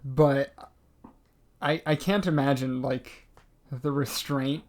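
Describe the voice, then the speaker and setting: A young man co-hosting a casual podcast, chatting in a relaxed, halting way. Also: medium pitch. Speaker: podcast co-host. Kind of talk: casual chat.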